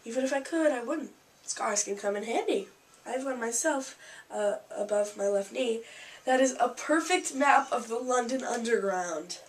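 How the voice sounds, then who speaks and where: A woman reading the lines of a calm, wry old male wizard headmaster from a storybook, in a dry, unhurried way. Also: a little high, natural voice. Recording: slightly distant mic with faint hiss.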